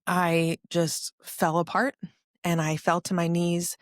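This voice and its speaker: Low-voiced woman telling her own story. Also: level tone, slow, dry recording, studio quality. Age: about 40. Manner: earnest, emotional, confessional. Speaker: podcast host. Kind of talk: personal testimony storytelling.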